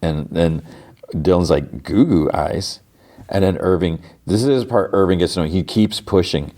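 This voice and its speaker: A podcast host with a deep, mellow voice casually recaps a TV episode at normal speed, acting out the characters' lines as he goes.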